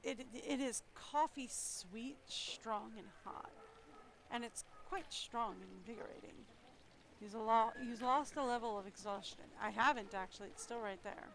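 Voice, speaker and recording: A woman's voice: a little high, a little slow, a bit bright, slight background noise, poor audio. Playful young woman narrating a story game. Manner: playful, wry asides. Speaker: streamer. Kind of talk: reading a story game aloud with commentary.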